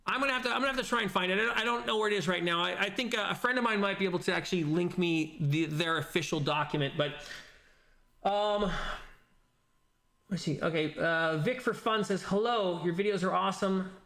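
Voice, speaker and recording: A man with a notably high voice hosts a relaxed stream, reading out viewer comments. He rambles, circles back, and restarts sentences often. His tone is bright and forward. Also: brisk, gravelly. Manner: rambling, with frequent restarts and self-corrections. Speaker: host reading live chat comments. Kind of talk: casual livestream chat.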